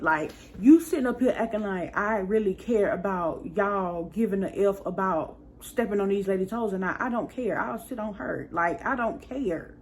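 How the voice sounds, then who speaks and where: Young woman, vlogger, casual storytime, chatty, exasperated, middle pitch, faint background hiss. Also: normal speed, few pauses. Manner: chatty, exasperated retelling with many asides.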